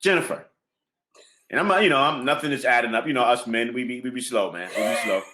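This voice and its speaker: A man guest in a casual interview, telling a lively story, acting out phone calls and laughing often. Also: mid-range voice, fast, background noise. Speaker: music producer and drummer guest.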